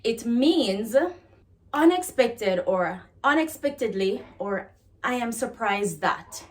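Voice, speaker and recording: Jamaican woman, language teacher, slow chatty delivery, fairly high voice. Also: expressive. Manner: chatty, laughs at herself, slow deliberate phrasing. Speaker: patois teacher. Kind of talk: casual explanatory lesson.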